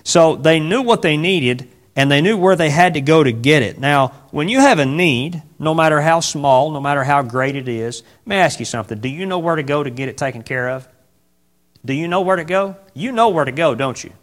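A man preaching a sermon in a rambling way, with many fillers and pauses, now and then rising into loud, emphatic bursts. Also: a little high, expressive.

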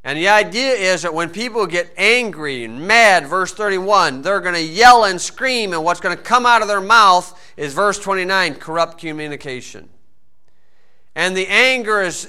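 A man preaching a sermon in a folksy storytelling way, swinging between loud emphasis and quiet asides. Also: high voice, normal speed, clear, resonant tone.

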